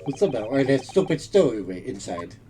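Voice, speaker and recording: A gruff Russian sailor guarding a cabin door, put on by a streamer, barking short broken-English lines with bouncing pitch. The voice stays blunt and suspicious. A steady noise sits under the stream audio. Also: a little fast, lightly acted. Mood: boastful. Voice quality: broken English, clipped and loud. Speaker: game character. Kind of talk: solo voice acting of a game playthrough.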